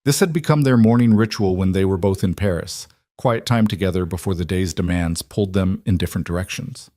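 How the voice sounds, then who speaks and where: Low-voiced male storyteller, dry sound. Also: no room sound. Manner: even, measured storytelling. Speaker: narrator. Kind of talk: scripted narration.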